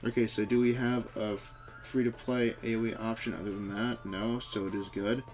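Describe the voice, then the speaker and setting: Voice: medium pitch, flat delivery, moderate pace, a little mellow, soft background music. A game streamer chatting casually on a live stream, rambling and swearing while answering chat, often breaking into laughter. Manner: frequent laughter.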